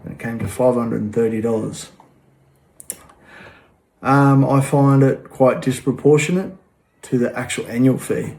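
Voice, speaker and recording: A man's voice: mid-range voice, fairly even intonation, measured pace, creaky, long pauses, a little mellow. Casting: man, plain-spoken and frank, casual delivery with many ums. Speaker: vlogger. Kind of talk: casual talk to camera.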